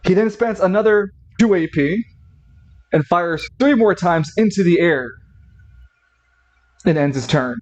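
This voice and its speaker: A man's voice: high voice, expressive, measured pace, pauses often, muffled recording. A man narrating a tabletop role-playing game as game master, often stopping and restarting while he checks the rules.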